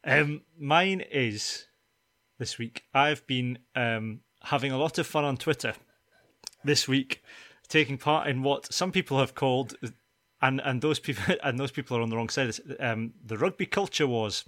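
A man's voice: medium pitch, moderate pace, a bit bright, dry recording, clean studio sound. Chatty man hosting a podcast. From Scotland. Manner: chatty, laughing, many fillers and restarts. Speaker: podcast host. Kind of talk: casual chat.

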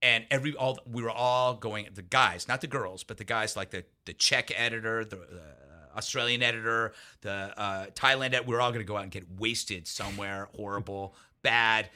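A man's voice: fairly low pitch, moderate pace, hardly any pauses, sharp tone. A man as a guest in a casual interview, telling anecdotes in a rambling way with many restarts and asides.

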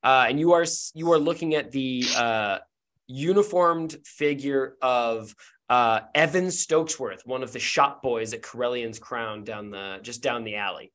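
A man's voice: mid-range voice, unhurried, a bit bright. A man narrating a tabletop game as game master. He talks casually, stumbling over fillers and restarts.

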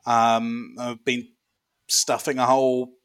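A man playing a dwarf man who runs an underground fortress, in a comic podcast bit, rambling and deadpan with many pauses. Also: mid-range voice, smooth.

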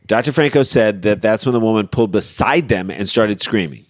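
A low-voiced man riffs sarcastically on a news story as a podcast co-host. His delivery is loose and conversational. The sound is dry and close, with no room around it. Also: a little fast, dry recording. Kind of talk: casual comedic chat.

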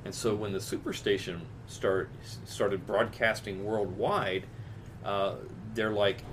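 A man's voice: fairly low pitch, steady tone, slow pace, a little hiss or hum. A man from chatting casually, telling stories with lots of restarts and laughs. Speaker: podcast co-host. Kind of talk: casual chat.

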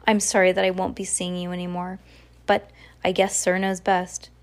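A woman reading aloud, voicing a kind man who speaks gently and apologetically. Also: fairly low pitch, monotone, normal speed, close to an everyday voice. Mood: apologetic.

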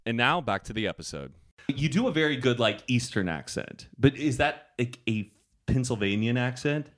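A man co-hosting a podcast in casual chat, playful and animated, filling his talk with "like". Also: mid-range voice, moderate pace. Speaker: podcast co-host.

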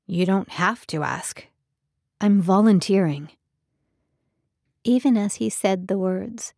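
A woman narrating a romance novel in a calm, measured audiobook reading. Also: mid-range voice, gravelly, no echo, studio quality. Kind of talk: scripted narration.

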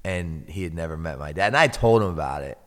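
A man telling personal stories in a casual chat, relaxed and swearing freely, laughing often. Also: a bass voice, quick pace. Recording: hall reverb.

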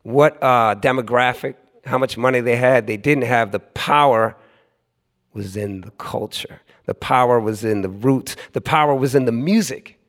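A medium-pitched man in his forties from Oakland, California, speaking at a normal pace, tells a laughing, loosely told story to a live club audience. He often restarts, stays conversational, and mimics the voices of the people he quotes.

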